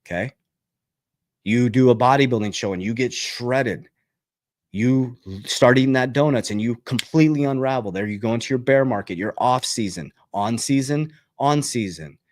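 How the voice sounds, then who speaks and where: The same finance channel host, a crypto and investing man, delivers a fired-up motivational investing talk at a moderate pace. He repeats himself emphatically, checks in with "okay?" again and again, and his pitch leaps at the punchlines. It's studio quality with no room sound.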